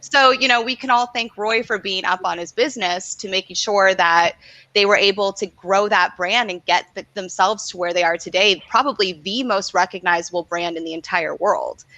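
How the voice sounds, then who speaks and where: A woman speaking as a co-host on a casual video call, lively and chatty. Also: medium pitch, moderate pace, no room sound, rough recording.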